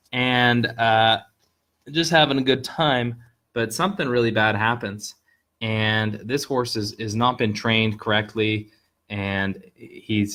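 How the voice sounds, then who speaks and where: A man hosting a casual live stream, telling an old fable in a chatty, upbeat way and pausing to explain words as he points at pictures. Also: fairly low pitch, a bit bright. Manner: narrates over pictures he points at. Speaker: host telling Chinese fables.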